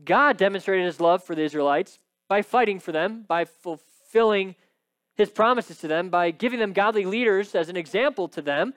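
High-voiced preaching man, dry sound. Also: a bit bright, dry recording. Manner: emphatic preaching with frequent "right?" asides. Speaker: pastor. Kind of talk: sermon.

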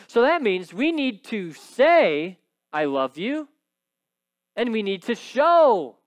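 A man preaching a sermon, emphatic and steady, often tagging points with a quick "right?". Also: extremely high pitch, no echo. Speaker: pastor.

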